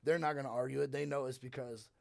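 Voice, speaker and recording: A man's voice: medium pitch, steady tone, fast, creaky, no room sound, studio quality. A man working as bar security, telling a story in casual profane chat and acting out the quoted lines.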